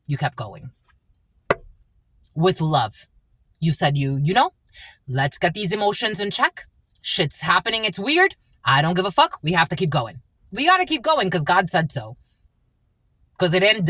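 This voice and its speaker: A woman's voice: lowish voice, very animated, moderate pace, pauses often, sharp tone, husky, no room sound. A woman giving a tarot reading who swears often and repeats herself bluntly. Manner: profane, blunt and repetitive. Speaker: tarot reader. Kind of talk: angry spiritual tarot reading.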